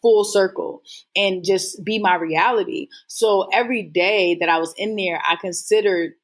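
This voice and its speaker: A woman's voice: mid-range voice, fairly even intonation, moderate pace. A woman guest telling her story in a casual interview, earnest and rambling with lots of fillers. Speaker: guest entrepreneur.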